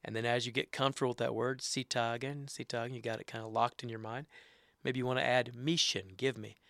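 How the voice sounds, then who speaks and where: A middle-aged man teaching words and phrases in a casual way, repeating each one slowly for learners. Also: medium pitch, little pitch movement, gravelly, a bit bright, no echo. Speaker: language teacher. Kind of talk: casual instruction.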